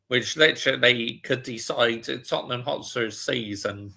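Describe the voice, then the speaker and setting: Slow gravelly football streamer. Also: male voice, mid-range voice, bright, forceful tone. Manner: chatty, reads out viewer comments and answers them. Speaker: watch-along streamer. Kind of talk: casual live football chat.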